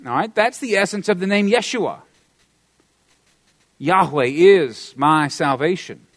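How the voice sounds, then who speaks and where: A man's voice: expressive, unhurried, dry recording. Middle-aged Southern American male pastor, emphatic sermon delivery, dry close sound. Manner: emphatic preaching with wide swings in pitch and volume, Southern humor.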